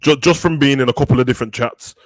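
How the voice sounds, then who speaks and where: Man, co-host, rapid talker, chatty banter, dry close sound. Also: medium pitch, dry recording. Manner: rapid, chatty, repeats mild exclamations. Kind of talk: casual live-stream chat.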